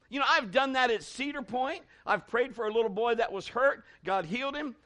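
A man's voice: very high voice, fairly quick, few pauses, sharp tone. A man preaching a sermon as pastor, working up the room with rising calls to the congregation.

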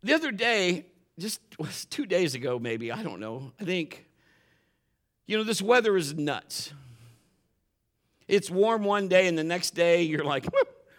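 A man preaching a sermon, often climbing louder and higher when he drives a point home. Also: lively intonation, measured pace, pauses often. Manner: impassioned, rises sharply in pitch and volume when stressing points; admits getting emotional while preaching. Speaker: pastor.

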